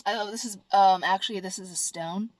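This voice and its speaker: A woman with a mid-range, darkish voice talks casually to her camera at normal speed, with no room sound. The vlogger rambles bluntly, swears freely, and mimics whiny voices.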